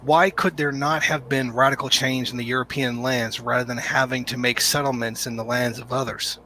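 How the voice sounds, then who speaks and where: A man's voice: mid-range voice, level tone, normal speed, sharp tone. A man in a played clip making a firm, lecturing political statement.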